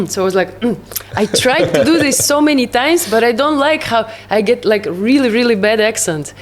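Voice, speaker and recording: A Russian-accented woman, a psytrance producer, appears as a guest in a casual interview. Russian is her native language, so she speaks haltingly, searching for English words and laughing a lot, in a fairly high, animated voice.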